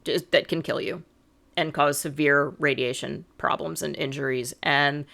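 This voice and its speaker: A woman's voice: low-pitched, steady tone, normal speed, creaky, a bit bright. A middle-aged woman co-hosting a podcast, explaining events step by step with a sarcastic edge. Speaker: podcast co-host. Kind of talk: casual podcast chat.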